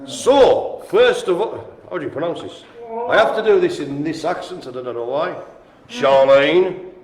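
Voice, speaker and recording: A man's voice: fairly high pitch, animated, moderate pace, a little mellow. A man calling a live-streamed bingo game in an indoor room with a small audience, chatty and teasing. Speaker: bingo caller. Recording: echoey room.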